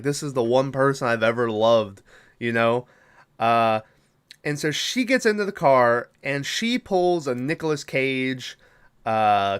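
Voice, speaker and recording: A young podcast host rambles through a horror film's plot, swearing a lot, using plenty of fillers and quoting lines from the movie. He speaks at a medium pitch with a fairly bright tone.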